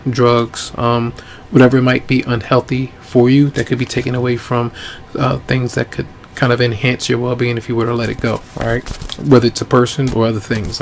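A man giving a casual tarot reading, easygoing and rambling, his voice going hoarse. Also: medium pitch, level tone, normal speed, a little hiss or hum. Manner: easygoing, rambling with many ums. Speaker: tarot reader.

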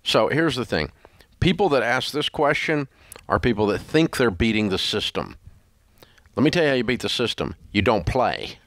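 A man's voice: medium pitch, expressive, normal speed, a bit bright, dry recording, clean studio sound. A male radio host giving blunt money advice in an emphatic, scolding, repetitive way. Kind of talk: blunt call-in advice talk.

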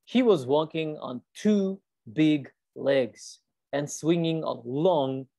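A woman teacher with a low voice reads a children's book aloud on a video call. She talks slowly and patiently and stops to explain words. The sound is dry and close. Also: warm tone, no echo. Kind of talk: reading a storybook to children.

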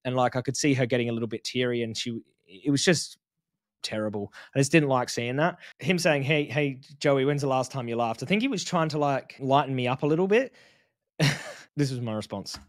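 A man's voice: medium pitch, brisk, dry recording, studio quality. A man giving casual reaction commentary as a vegan activist, blunt and mocking, often calling people "mate".

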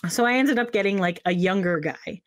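A woman's voice: medium pitch, brisk. A woman co-hosting a podcast, telling a travel story in casual chat and acting out the people she quotes. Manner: animated storyteller, acts out quotes in voices. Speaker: podcast co-host.

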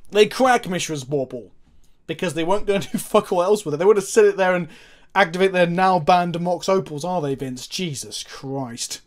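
This host has a high voice and talks fairly quickly. Playing a card game, he narrates his moves, reasons aloud, quizzes his audience, and lets the occasional curse slip.

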